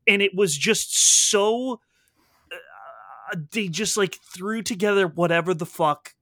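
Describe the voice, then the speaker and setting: Bright-voiced man in dry casual chat. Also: high-pitched, measured pace, no echo. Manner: blunt, swears, gets worked up.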